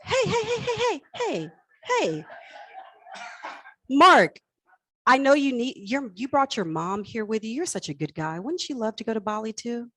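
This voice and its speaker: Woman auctioneer, high lively voice, coaxing and teasing bidders, dry close sound. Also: measured pace, pauses often, no room sound, low-quality recording. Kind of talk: live charity auction calling. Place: event hall stage.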